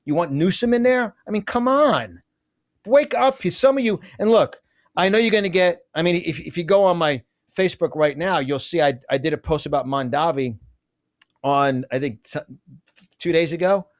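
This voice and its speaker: A middle-aged man with a slightly higher voice talks as an interview guest. His delivery is fiery and emphatic. He rushes through asides and often restarts his sentences. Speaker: guest, conservative business publisher. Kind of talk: fiery political interview talk.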